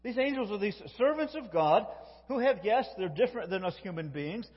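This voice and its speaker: Middle-aged guy preaching a sermon, folksy, keeps restarting, bit husky, dull lo-fi sound, long echo in a big church. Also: sits high, animated, fairly quick. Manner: folksy, self-interrupting, tells jokes. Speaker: pastor.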